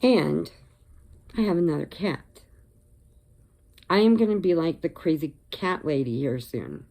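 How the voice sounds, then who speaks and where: A woman's voice: low voice, expressive, unhurried, vocal fry, warm tone. An older woman from Illinois, chatting casually and rambling on her crochet vlog, laughing often. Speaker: crochet vlogger. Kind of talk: casual chat.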